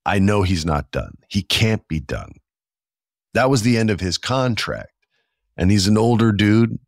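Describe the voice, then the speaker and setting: Deep-voiced guy in his 40s hosting his own podcast, chatty and fired up, dry close mic. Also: animated, dry recording. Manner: enthusiastic, chatty, drops into quick voiced asides. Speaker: podcast host. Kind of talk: casual solo commentary.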